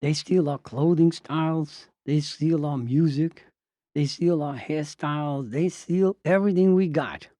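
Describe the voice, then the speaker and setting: A man doing a booming, swaggering promoter who preaches. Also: unhurried, warm tone, no room sound, studio quality, close to an everyday voice. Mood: preaching.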